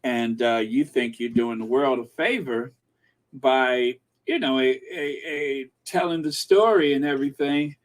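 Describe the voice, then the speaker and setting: A male live-stream host at a middle pitch, rambling along with his viewers in easy, conversational commentary. He takes his time, drawling through long pauses and filler words. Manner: unhurried, chatty, many um and uh fillers.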